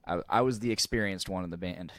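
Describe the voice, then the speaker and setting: Podcast co-host, young man, low voice, loose rambling storyteller, swears freely, dry close sound. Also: fairly quick, a bit bright, dry recording. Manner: rambling, swears freely, restarts often, laughs at own story. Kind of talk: casual storytelling chat.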